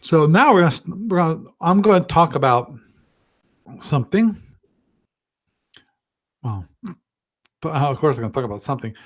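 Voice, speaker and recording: A man with a slightly higher voice hosts a live stream, rambling through his thoughts as he goes. He keeps restarting his sentences and pokes fun at himself in a loose, offhand way. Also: a little fast, a bit bright. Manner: rambling, self-deprecating, thinks aloud with many restarts. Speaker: host of a gaming livestream. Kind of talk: casual live-stream commentary.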